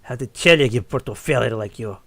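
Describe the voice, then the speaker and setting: A man's voice: mid-range voice, fast talker, fairly bright tone, no echo, pitched below the performer's own voice. A man voicing a cold, stern father with a put-on Russian accent and clipped, broken grammar. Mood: scornful.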